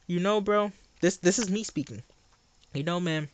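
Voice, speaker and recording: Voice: mid-range voice, big pitch swings, normal speed, no echo. Sarcastic, exasperated livestreamer ranting. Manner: argumentative, repeats phrases for emphasis. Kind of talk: livestream rant to chat.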